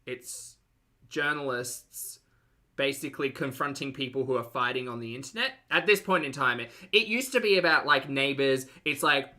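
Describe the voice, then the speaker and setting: An Australian-accented male host runs a casual reaction commentary, chatting and rambling with plenty of fillers. His voice is medium in pitch with a sharp tone, delivered at a moderate pace.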